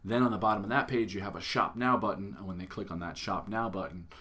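A man's voice: on the low side, quick pace, a bit bright. A man in his thirties hosting a casual marketing podcast, talking in a chatty way with lots of fillers and restarts. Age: 30s. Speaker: podcast host.

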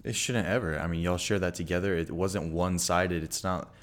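A man's voice: low-pitched, steady tone, brisk. A young man co-hosting a podcast in laid-back casual chat, filling his talk with "you know" and "like". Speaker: podcast co-host.

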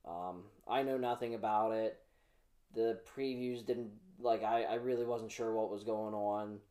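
Young man, mellow, relaxed, casual solo vlog, rambling, lots of fillers. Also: lowish voice, a little slow. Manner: chatty, rambling, many fillers and restarts. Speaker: comic preview host.

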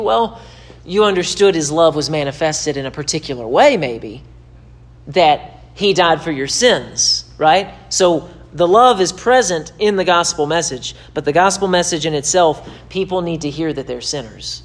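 A pastor with a fairly high, expressive voice preaches to camera at normal speed in a sermon-style teaching. He's emphatic and repetitive, and his voice climbs whenever he presses a point.

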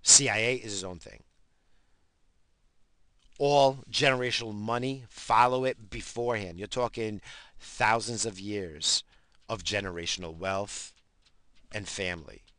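A man's voice: on the low side, unhurried, long pauses, bright, forceful tone, no room sound. A man, calling himself a stoner, ranting about conspiracies in heated, profane talk that keeps repeating itself. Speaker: self-described stoner.

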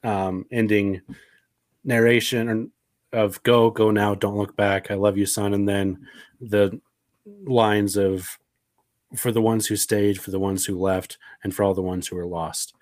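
A man's voice: lowish voice, level tone, measured pace, a little mellow, no room sound, clean studio sound. A man co-hosting a casual movie discussion, earnest and reflective, often restarting his sentences. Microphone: headphones on, desk mic.

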